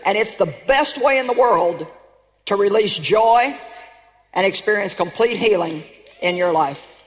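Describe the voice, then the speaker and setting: A woman's voice: medium pitch, big-room sound, poor audio. A woman preaching a sermon in an emphatic, conversational way, sometimes building to exclamations.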